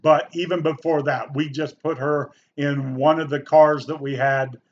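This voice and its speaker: A middle-aged man recounting a personal story with earnest, folksy warmth, turning animated when he quotes others. His voice sits a little high. The recording is slightly muffled, with a faint hiss underneath. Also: unhurried. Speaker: youth pastor. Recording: slightly dull, faint background noise.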